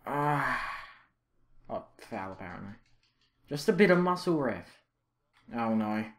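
A young man commentating his own football video game, reacting loudly and with frustration to misses and saves. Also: mid-range voice, sing-song, slow. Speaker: gaming channel host. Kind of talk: live gameplay commentary.

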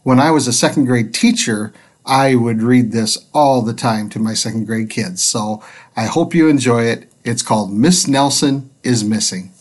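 A man, a teacher, reading a picture book aloud to children in a gentle, expressive way from a spare room at home. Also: mid-range voice, normal speed.

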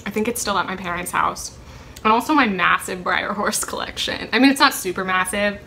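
Chatty young woman, bright voice. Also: mid-range voice, fairly quick, creaky, slight background noise. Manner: rambling, chatty, many ums and self-corrections. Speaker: vlogger answering a question tag. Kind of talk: casual chat.

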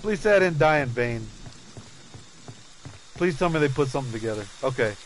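A man commentating his own gameplay, loud and profane, taunting and laughing, with swings from low mutters to shouts. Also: animated, brisk, a little hiss or hum, rough recording. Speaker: gamer streaming play.

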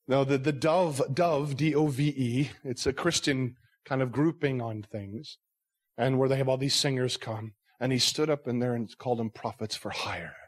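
Pastor, male, mid-pitched voice, preaching earnestly with rhetorical questions and casual asides. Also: moderate pace. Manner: conversational asides. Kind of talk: sermon.

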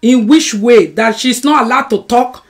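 A woman with a Nigerian accent hosting a casual live stream from home, answering viewers' comments in an animated, argumentative way. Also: fairly high pitch, moderate pace.

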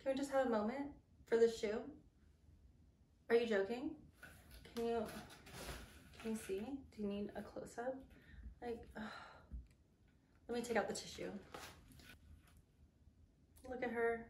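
A young woman who is an actor, gushing in a casual vlog from her messy bedroom. She talks excitedly and leans on "like" a lot. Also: on the high side, unhurried, long pauses. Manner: gushing, excitable, heavy use of "like". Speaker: actor and vlogger. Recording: echoey room, mic at a distance, background noise.

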